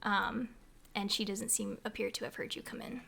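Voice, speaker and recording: A woman's voice: mid-range voice, little pitch movement, normal speed, creaky, a bit bright. A woman narrating a tabletop role-playing game as game master, in a casual way full of "like" and "um". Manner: casual, many fillers like "like" and "um".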